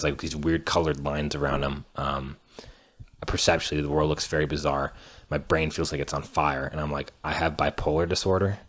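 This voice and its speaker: Young man, very deep voice, candid personal storytelling with halting restarts and casual cursing. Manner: halting, with many fillers and restarts; earnest, candid, occasionally cursing. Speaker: patient telling his own illness story.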